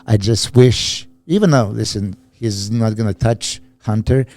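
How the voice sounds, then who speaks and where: A man co-hosting a casual podcast chat as a bodybuilding coach, talking haltingly with many restarts and fillers. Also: fairly low pitch, a little mellow.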